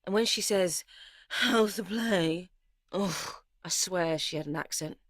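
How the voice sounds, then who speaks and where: This actress has a lowish voice and a moderate pace, and she performs lightly in a clean studio recording without echo. Her role is a young woman playwright, anxious, grieving and bitter, who recounts her life in a weary, intense, confessional first-person narration.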